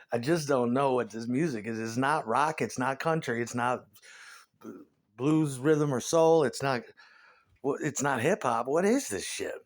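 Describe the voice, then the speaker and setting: Middle-aged male comic, profane and animated, ranting in stand-up style. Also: medium pitch, unhurried. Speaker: comedian. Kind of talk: stand-up rant.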